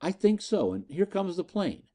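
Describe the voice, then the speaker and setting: Brief: authoritative big investigator, voiced by the narrator, mellow and curt. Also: male voice, sits high, sing-song, voice pushed up. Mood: urgent. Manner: brisk, authoritative orders. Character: big, commanding male scientist-detective.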